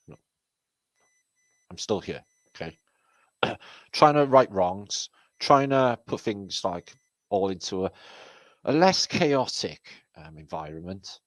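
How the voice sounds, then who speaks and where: A man's voice: low voice, animated, takes it slowly, pauses often, dry recording. A British man hosting a casual livestream, rambling and sardonic, swearing constantly as he reads out viewer comments. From Britain. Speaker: livestream host. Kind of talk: casual live chat reading viewer comments.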